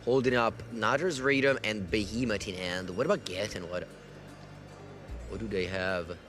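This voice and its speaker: A man giving lively, analytical live commentary on a card game match, correcting himself as he goes. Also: on the low side, normal speed, over music. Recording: faint background noise.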